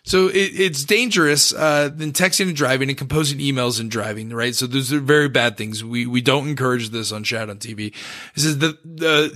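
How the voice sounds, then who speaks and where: A man's voice: medium pitch, bright, forceful tone. A man co-hosting a podcast in casual chat, reading listener mail and often breaking into laughter. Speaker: podcast co-host.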